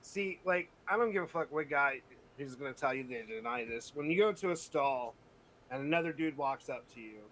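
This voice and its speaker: A man's voice: mid-range voice, animated, brisk, fairly bright tone, poor audio. A man in casual podcast chat, talking bluntly and with profanity.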